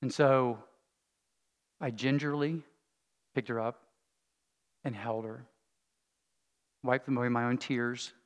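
A middle-aged man, a pastor, telling a personal story in a sermon, earnest and falling to a hush at tender moments. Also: medium pitch, steady tone, slow, pauses often. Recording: long reverb of a large hall.

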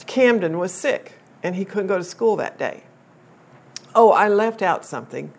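An older woman telling a personal family story to a group in a chatty, unhurried way, with frequent fillers and restarts. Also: medium pitch.

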